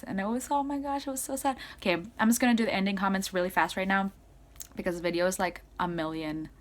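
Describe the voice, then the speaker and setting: A young woman vlogger chatting casually and excitably, full of fillers, swinging between loud squeals and soft asides. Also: on the low side. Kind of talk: casual fan recap to camera.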